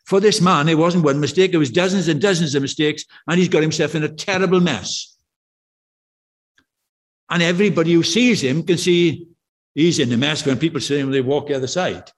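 A man preaches in a church with a slightly high voice, chatty and anecdotal. He keeps turning to his listeners with rhetorical questions. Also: brisk. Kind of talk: sermon.

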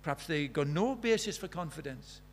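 Man preaching, fairly high voice, earnest, pressing questions, faint hum underneath. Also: animated, moderate pace. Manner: earnest, questioning, retells conversations in quoted dialogue. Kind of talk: sermon.

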